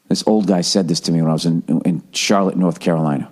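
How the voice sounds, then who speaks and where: A man's voice: low voice, steady tone, fast talker, a little mellow. A man in his forties hosting a podcast, telling a long exasperated story in a casual, profane monologue. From Massachusetts. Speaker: podcast host.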